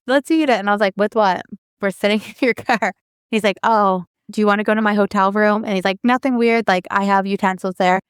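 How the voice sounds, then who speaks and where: A woman's voice: mid-range voice, a bit bright, clean tone, no room sound, clean studio sound. A woman, co-hosting a podcast and telling a long personal story in a chatty way full of fillers. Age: 30s. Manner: chatty, lots of fillers, quotes people in her story. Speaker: podcast co-host. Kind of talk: casual storytelling.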